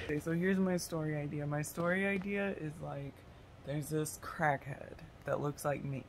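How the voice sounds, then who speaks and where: A woman's voice: low-pitched, normal speed, slight background noise. A woman rambling through a silly story idea in a casual monologue, giggling, swearing and losing her train of thought. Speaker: tarot vlogger.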